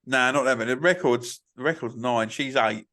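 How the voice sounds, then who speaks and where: A man's voice: mid-range voice, normal speed, bright, forceful tone. A man, co-hosting a podcast in casual chat, rambling and crude, with a lot of swearing. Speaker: podcast co-host.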